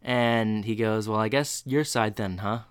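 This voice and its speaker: A man's voice: on the low side, fairly even intonation, a little slow, clean tone, dry recording, clean studio sound. A man co-hosting a podcast, chatting casually and playfully acting out quotes from a TV episode. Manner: playful, acts out quotes with bursts of silly voices. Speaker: podcast co-host. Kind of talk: casual chat recapping a TV episode.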